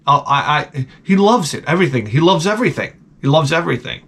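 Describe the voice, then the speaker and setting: A man's voice: a little high, quick pace, breathy edge. Rambling, swearing storyteller man. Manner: rambling, profane, deadpan asides. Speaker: vlogger. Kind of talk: comic storytelling rant.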